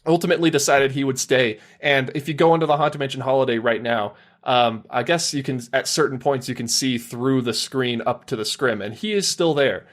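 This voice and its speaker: A man's voice: mid-range voice, brisk, few pauses. A man appearing as a podcast guest, chatting in a casual, playful way as he explains things.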